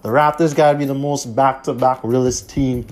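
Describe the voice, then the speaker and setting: A man's voice: mid-range voice, fairly even intonation, normal speed, darkish tone, soft background music. Profane, emphatic man hosting. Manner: blunt, profane, emphatic with heavy repetition. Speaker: podcast host. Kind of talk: casual monologue.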